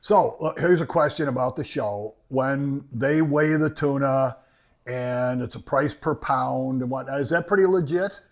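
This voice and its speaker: A man from the Buffalo area in Western New York, hosting a casual fishing interview with easy enthusiasm. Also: medium pitch. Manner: enthusiastic, quick to laugh. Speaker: interview host.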